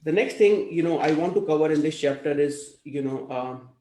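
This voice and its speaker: A man's voice: fairly high pitch, normal speed, mellow, roomy sound, slight background noise, rough recording. A man teaching a language class, explaining patiently and checking in with students often. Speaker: Hindi teacher.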